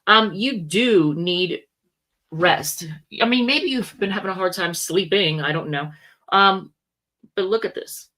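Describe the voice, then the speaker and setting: A tarot reader with a mid-range, bright voice gives a casual reading at an unhurried pace, her tone forceful. She rambles, keeps correcting herself, and drops in chatty asides.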